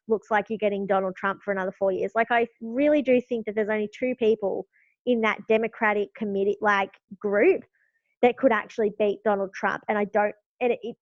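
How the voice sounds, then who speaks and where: A woman's voice: mid-range voice, no echo, dull audio. A young Australian woman talking frankly as a podcast guest, with many fillers. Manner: chatty, lots of fillers, frank. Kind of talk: casual political chat.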